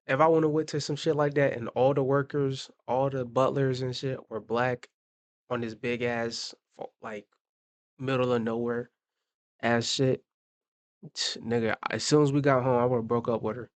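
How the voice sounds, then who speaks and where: A man's voice: medium pitch, fairly even intonation, moderate pace, no room sound. A man hosting a reaction video, talking casually in blunt, profane asides and repeating his fillers.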